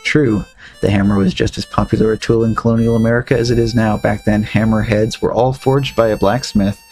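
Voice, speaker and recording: Gravelly joking game streamer man. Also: fairly low pitch, steady tone, brisk, darkish tone, faint music behind. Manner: chatty, joking. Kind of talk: let's-play commentary.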